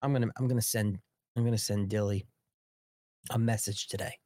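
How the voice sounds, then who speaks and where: A man's voice: steady tone, a little fast, dark tone, no echo, clean studio sound. Ranting man hosting a live show. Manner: ranting, sarcastic, restless and self-interrupting; pitches his own products. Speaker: host. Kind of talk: live political talk show monologue.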